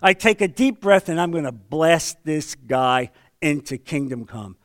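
A fairly high-voiced man teaching a men's Bible study like a sermon. He tells stories with energy and drops from a raised voice to a near-murmur. His delivery stays conversational and direct. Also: expressive, a little slow. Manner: storytelling, acts out quoted voices, swings between loud and hushed.

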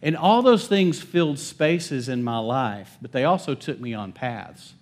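A male pastor preaches to his church in an emphatic sermon voice of ordinary pitch. He calls out for amens from the congregation and moves between ringing declarations and quiet, hushed lines. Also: animated, measured pace. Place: church service.

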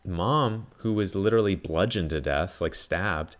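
A man with a deep, low voice talks through a film in a loose, rambling monologue. He leans on "like" constantly and swears freely as he goes. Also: measured pace. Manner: rambling, heavy use of "like", frequent swearing. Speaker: podcast host. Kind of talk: casual film review monologue.

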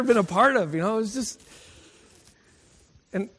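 This husky, high male voice is animated and fairly bright, moving at a moderate pace with frequent pauses. A middle-aged preacher in a college chapel, he tells personal stories in his sermon with emotion and plenty of laughter, and the recording has long reverb.

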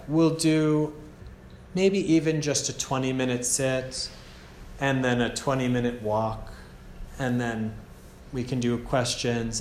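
A man with an American accent giving a gentle, casual meditation teaching at a retreat, often checking in with "yeah?". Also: mid-range voice, a little hiss or hum. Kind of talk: relaxed meditation talk. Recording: echoey room, faint ambience.

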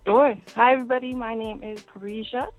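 A woman's voice: fairly high pitch, fairly even intonation, a little fast, faint music behind. A woman from Boston who is an R&B singer and songwriter, answering radio interview questions in a friendly way with frequent ums. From Boston, Massachusetts.

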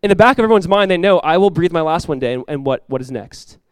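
A man in his thirties, a pastor preaching a sermon and telling a family story with lively, rising emphasis. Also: fairly high pitch, fast, clear, resonant tone, no echo. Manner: animated storytelling, rises loud when acting out his talks with his son.

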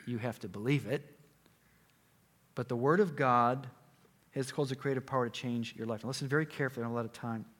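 A male preacher giving a sermon, retelling a story with dramatic swings from loud to hushed. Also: mid-range voice, fast, pauses often. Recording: echoey hall.

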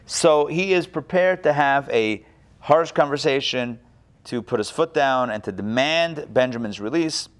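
A man's voice: mid-range voice, fairly bright tone. A man teaching an online Torah class over a video call, retelling the text in casual modern speech.

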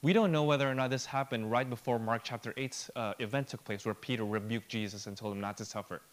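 A man preaching a sermon with earnest emphasis. He drops to a soft, slow, near-whispered delivery and rises again for emphasis. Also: mid-range voice, steady tone. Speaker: pastor.

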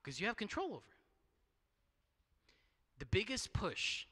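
High bright-voiced preacher in a reverberant hall. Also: male voice, wildly swooping pitch, unhurried, husky. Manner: conversational preaching with rhetorical questions and frequent restarts. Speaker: pastor. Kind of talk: sermon.

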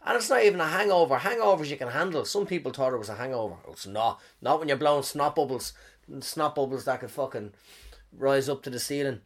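A man's voice: mid-range voice, a little fast. A man in his thirties, a comedian with a head cold, telling a rambling comic monologue with lots of swearing and lost threads.

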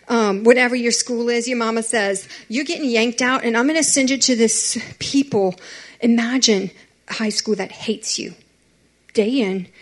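A young woman, giving a chatty, animated youth sermon and talking straight to teenagers. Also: mid-range voice. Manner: chatty and animated, addressing teens directly.

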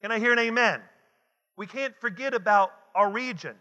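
A man's voice: high voice, moderate pace, pushed and bright, lo-fi sound. A male pastor preaching a sermon, driving his points home with repeated phrases and calls for the congregation to answer back. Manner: call-and-response preaching, repetitive and emphatic. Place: church sanctuary. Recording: long hall reverb.

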